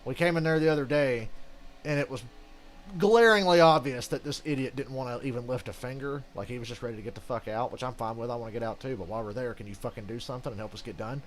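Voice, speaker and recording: A man's voice: mid-range voice, fast, a crowd in the background. A man giving casual, rambling gameplay commentary as a channel host, ranting and swearing freely.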